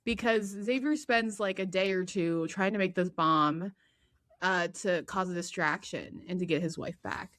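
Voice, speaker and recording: A woman co-hosting a podcast, retelling a TV drama in a lively casual chat, laughing often and acting out characters' lines. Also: lowish voice, unhurried. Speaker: podcast co-host.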